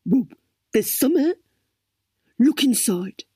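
A dim, eager young man with a slow, earnest voice, as a storyteller puts him on. He sounds husky and dry, his pitch jumping about. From a storybook reading. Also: expressive, dark tone, no room sound, exaggerated voice.

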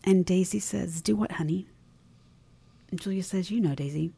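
A woman co-hosting a podcast, casually recounting a TV episode scene by scene and quoting the characters' lines softly. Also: lowish voice, moderate pace, gravelly, slightly rough. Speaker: podcast co-host. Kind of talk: casual recap chat.

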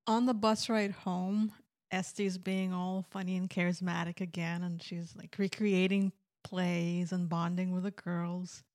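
A woman's voice: lowish voice, little pitch movement, a little slow, a little mellow. A woman co-hosting a podcast, steadily narrating a summary of a TV episode. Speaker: podcast co-host.

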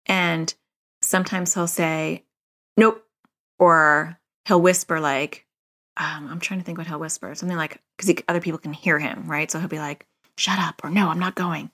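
A woman's voice: sits low, fairly even intonation, moderate pace, a bit bright. A middle-aged woman hosting a parenting podcast, talking in a casual, chatty way full of "like" and "you know".

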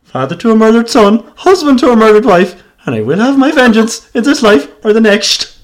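A man's voice: sits high, very animated, fairly quick. A man playing a vengeful Roman general, declaiming the speech in a put-on Cork accent. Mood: grimly proud.

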